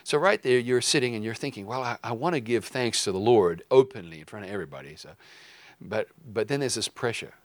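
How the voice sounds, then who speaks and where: Lively man preaching in a dry room. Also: on the low side, a little fast, no room sound. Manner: lively, acts out quoted voices with jokey asides. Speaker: preacher teaching a lesson. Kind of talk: conversational teaching sermon.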